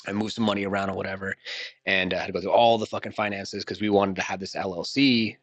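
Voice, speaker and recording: A man with a fairly low voice talks loosely on a podcast, piling up slang and swear words as his story rambles on. The sound is dry and close to the microphone. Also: flat delivery, quick pace, fairly bright tone, no echo. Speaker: podcast host. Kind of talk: casual podcast conversation.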